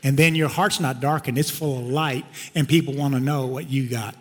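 A middle-aged pastor from Texas, preaching a sermon and swinging between loud urging and quiet personal storytelling. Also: male voice, medium pitch, steady tone, normal speed. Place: large church sanctuary. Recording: long hall reverb in a sanctuary.

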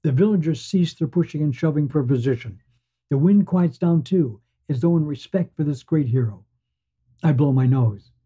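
Male storyteller, measured wistful read, slightly high husky voice, muffled sound. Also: mellow. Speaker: podcast storyteller. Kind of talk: scripted first-person story narration. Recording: dull lo-fi sound.

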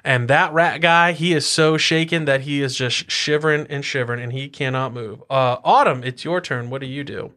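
A woman's voice: rumbling low, normal speed, few pauses, a bit bright. A woman running a family tabletop game as game master, narrating the action in a playful, encouraging way.

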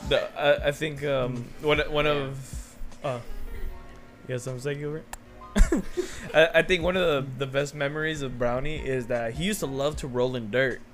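A man's voice: medium pitch, fairly even intonation, normal speed, a bit bright, faint music behind. A man chatting casually among friends, easygoing and chiming in with laughs. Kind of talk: casual chat.

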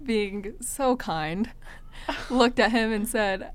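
A woman's voice: a little high, slow pace. A young woman telling a funny dating story in a casual way, laughing often and acting out what people said. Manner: animated, laughing often, acts out quoted lines.

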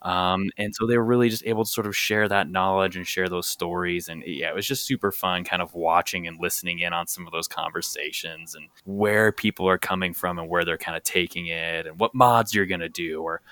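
A man's voice: low-pitched, steady tone, brisk, hardly any pauses, pushed and bright, clean tone, no room sound. A man chatting casually as a co-host, laid-back and full of fillers. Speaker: co-host of car podcast. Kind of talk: casual chat.

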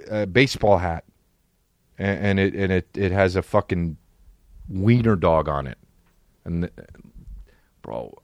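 A man hosting a podcast, rambling through an excitable and profane comedic monologue. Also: on the low side, dry recording, clean studio sound. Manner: excitable, rambling, heavy swearing. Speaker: podcast host.

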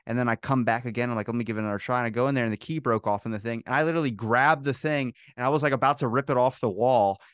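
Male podcast guest, mid-range voice, quick rambling storyteller, dry close mic. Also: mid-range voice, a bit bright, clean tone, no room sound. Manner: rambling, quick anecdotes with frequent fillers. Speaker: podcast guest, food truck owner. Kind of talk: casual chat.

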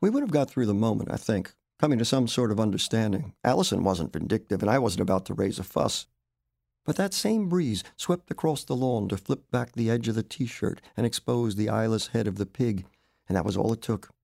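Gravelly male author reading his fiction. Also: on the low side, brisk, dry recording, clean studio sound. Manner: expressive, wry storytelling. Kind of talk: literary audiobook narration.

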